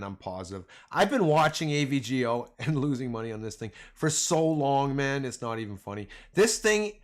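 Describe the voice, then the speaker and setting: A Canadian man with a Canadian accent giving casual, slangy live market commentary to his chat. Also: medium pitch. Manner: slangy, animated, addresses chat as man and boys. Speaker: stock trading livestreamer.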